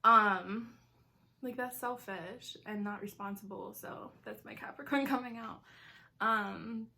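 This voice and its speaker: A woman's voice: on the high side, takes it slowly, vocal fry, bright, forceful tone. A woman in her twenties talking casually while eating in a mukbang vlog, chatty and filling her talk with "like". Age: 20s. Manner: chatty, says "like" a lot, giggly asides. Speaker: vlogger.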